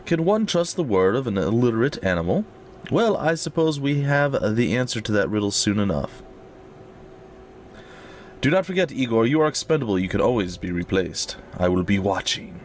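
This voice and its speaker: Cold, menacing telepath villain voiced by a man, low and clipped, threatening. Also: big pitch swings, normal speed, slight background noise, close to an everyday voice.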